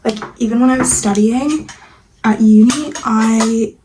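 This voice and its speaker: At home, moving between kitchen and getting ready, a young woman vlogs in a soft, rambling way, using many fillers and occasionally half-whispering. Her voice runs on the high side at a measured pace, and the background is noisy with room ambience audible.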